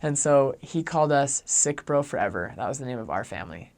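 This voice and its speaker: Young guy telling a story, chatty, keeps saying like, pretty animated. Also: medium pitch, brisk, creaky. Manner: chatty, heavy use of "like", animated. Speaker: returned missionary. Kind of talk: casual storytelling.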